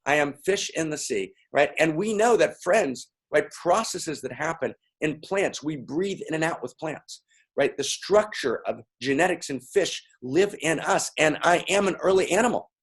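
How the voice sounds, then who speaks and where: A man's voice: on the high side, expressive, moderate pace, husky. A man giving a playful, interactive talk to a live audience, calling out to them and repeating lines. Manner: playful, repetitive, calling out to the crowd. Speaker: speaker.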